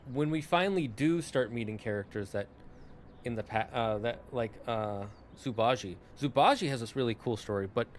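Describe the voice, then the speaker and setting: Young male streamer, loose rambling chat with restarts, mid-pitched voice. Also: slight background noise. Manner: rambling, self-correcting, talks in asides to chat. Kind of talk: casual chat to a live stream.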